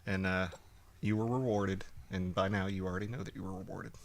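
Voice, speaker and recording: A man's voice: deep voice, steady tone, brisk. A man co-hosting a casual podcast, easygoing and wisecracking. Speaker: podcast co-host. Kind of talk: casual chat.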